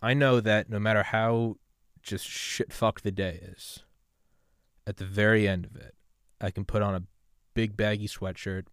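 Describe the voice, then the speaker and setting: A lower-voiced man hosts a podcast from a room at home, talking casually and cursing often. He rambles from hushed, mumbled thoughts into loud, revved-up encouragement. The sound is dry and close, with little room echo. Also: steady tone, unhurried, smooth. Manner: rambling, profane, swings from subdued to loud and fired-up. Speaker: podcast host. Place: home room with gaming setup.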